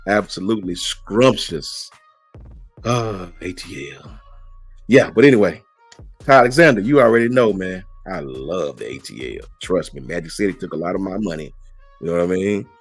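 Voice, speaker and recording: A man's voice: deep voice, expressive, a little fast, slightly rough, soft background music. A middle-aged man hosting a live stream, chatting casually and slangily as he answers viewers' messages. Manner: laid-back, slangy, reads out and answers chat messages. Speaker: host.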